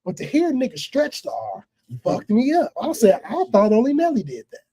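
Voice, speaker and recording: A man from the Chicago area with a Chicago accent, hosting a casual podcast chat with animated, profane storytelling. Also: very high-pitched, fairly quick, slightly rough. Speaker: podcast host.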